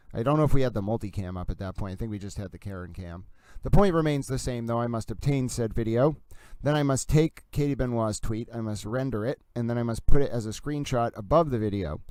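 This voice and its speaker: A man with a New England Boston accent chats through a live stream in a playful, self-mocking way. His voice is smooth and clear at a middling pitch. The sound is dry and close. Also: a little mellow, dry recording. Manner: playful, self-mocking chatter while working. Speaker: livestream host. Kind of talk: casual live-stream chat.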